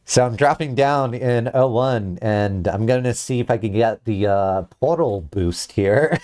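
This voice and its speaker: A man chatting casually on a live stream, rambling and laughing often, jumping up high when excited, on a headset mic. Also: measured pace, no echo, clean studio sound.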